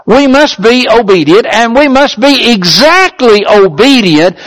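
Male preacher, high voice, emphatic sermon delivery with drawn-out stresses. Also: expressive, fairly bright tone, low-quality recording. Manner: reads a definition aloud in a higher, lifted voice.

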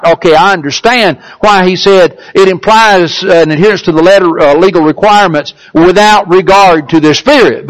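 A man with a notably high voice delivers a sermon. He leans hard on key words and slows down to stretch them out. When he reads a passage aloud his voice rises even further. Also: poor audio. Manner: emphatic, drawn-out stresses on key words; reads a definition aloud in a higher, lifted voice. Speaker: preacher.

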